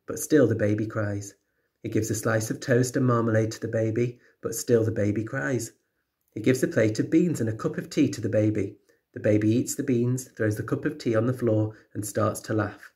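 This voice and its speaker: A man, a teacher, reading a children's picture book aloud with steady, clear storytelling. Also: on the low side, normal speed.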